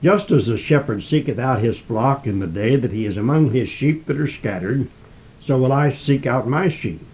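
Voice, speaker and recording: A man giving a Bible teaching, reading scripture aloud and explaining it in a measured, emphatic way. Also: mid-range voice, muffled recording. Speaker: preacher. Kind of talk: sermon-style Bible teaching.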